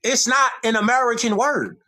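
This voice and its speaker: A man's voice: very high-pitched, expressive, moderate pace, pushed and bright. A man hosting a livestream, lecturing in a preachy way, repeating his points and reading passages aloud from a screen. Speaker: livestream host. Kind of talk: livestream monologue lecturing on history.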